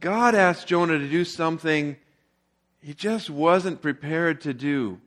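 Guy pastor telling a story in a sermon, chatty and easy, kinda high voice. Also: measured pace, fairly bright tone. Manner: conversational storytelling.

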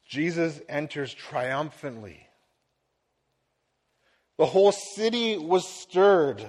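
A middle-aged man preaching a sermon as a pastor, earnest and building to emphatic swells. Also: on the high side.

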